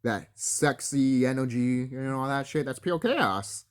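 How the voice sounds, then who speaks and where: Talking straight at his enemies, a man vlogs a profane, confrontational spiritual rant alone to camera, laughing between threats and quoting others mockingly. His mid-range voice is animated, a little slow, clear and resonant.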